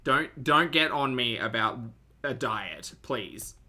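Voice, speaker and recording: A woman's voice: a bass voice, lively intonation, slow, heavy background noise. A woman streaming live, reacting to videos with sarcastic, teasing commentary and thanking her chat.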